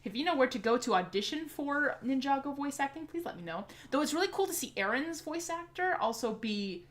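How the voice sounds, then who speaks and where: A woman's voice: high-pitched, brisk. A woman hosting a casual livestream Q&A, chatty and eager as she answers viewer comments aloud. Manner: eager and excitable. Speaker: livestream host.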